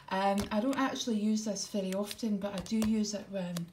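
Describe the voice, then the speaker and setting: A middle-aged woman with a medium-pitched, darkish voice talks steadily at normal speed with few pauses. She's a vlogger casually going over her grocery haul, homely, um-filled, and slightly out of breath. The room echoes and there's faint noise.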